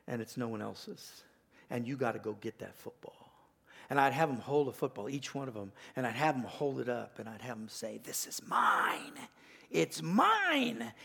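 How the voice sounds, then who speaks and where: An older man, a pastor, preaching a sermon with folksy stories, rising louder and higher to stress his points. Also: gravelly. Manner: animated, rising in pitch and volume to stress points; folksy storytelling with restarts.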